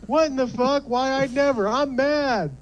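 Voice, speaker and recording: A foul-mouthed customer at a food stand, voiced by a man, fairly high-pitched and loud. He hems and stalls over his order, then snaps with curses. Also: moderate pace, dull audio. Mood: rude. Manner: crude, hesitant, then outraged. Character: rude cursing male customer.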